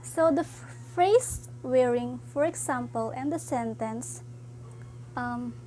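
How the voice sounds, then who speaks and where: Slow, halting high-voiced woman teacher. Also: mellow, a little hiss or hum, low-quality recording. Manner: slow, halting explanation with frequent "so" and "um". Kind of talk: classroom grammar lesson.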